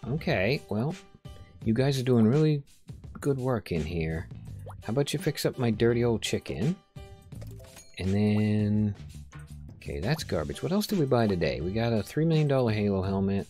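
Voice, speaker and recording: A man's voice: on the low side, darkish tone. A man casually commenting on his own game play, joking, reading the customers' lines aloud and talking to himself. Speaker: gameplay video host. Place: home room during a rainstorm.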